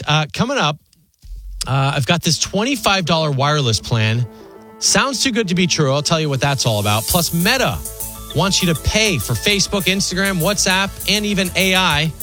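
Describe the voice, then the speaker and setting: A man in his forties hosting a talk radio show, speaking in an animated, conversational monologue full of rhetorical questions. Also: fairly high pitch, moderate pace, soft background music.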